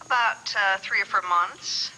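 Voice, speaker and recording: An actress playing a hesitant, evasive woman in a 1980s TV soap opera, hedging with many pauses. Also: medium pitch, pushed and bright, slight background noise, rough recording. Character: hesitant evasive woman, former records keeper. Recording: old TV broadcast recording.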